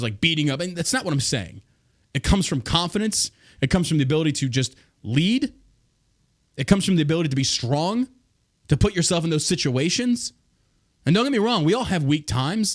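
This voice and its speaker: A man hosting a podcast, ranting in a profane, combative way. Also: on the high side. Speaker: podcast host. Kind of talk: casual podcast rant.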